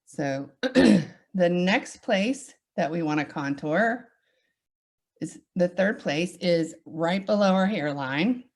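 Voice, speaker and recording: A woman's voice: on the low side, animated, slow pace. A woman with a Southern US accent giving a makeup demonstration, upbeat and reassuring as she walks through each step. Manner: upbeat, reassuring, chatty teaching. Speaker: makeup instructor.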